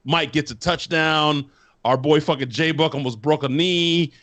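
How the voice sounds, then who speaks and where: A man's voice: a little high, measured pace, a bit bright. A man co-hosting a podcast, raving with hyped, profane enthusiasm. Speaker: podcast co-host. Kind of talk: casual podcast banter.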